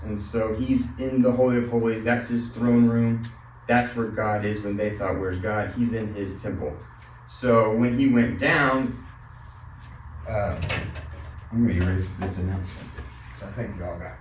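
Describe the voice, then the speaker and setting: A man teaching a Bible study class in casual, conversational style, asking the group questions and telling light stories. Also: on the low side. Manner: conversational, asks the class questions, tells a joking story. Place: church classroom. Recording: roomy, mic from a distance, faint noise.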